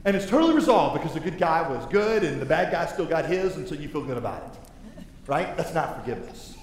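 Guy preaching in a big church, kinda high voice, super echoey, goes quiet then loud, some faint hiss. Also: fast. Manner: animated, conversational preaching with big swings in loudness. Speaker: pastor. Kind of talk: sermon. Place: large church sanctuary. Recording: echoey hall with faint noise.

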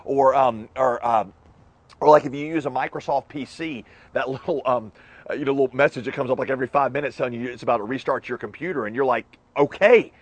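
Husky pastor, joking sermon. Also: male voice, medium pitch, fast, no room sound. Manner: conversational, joking asides.

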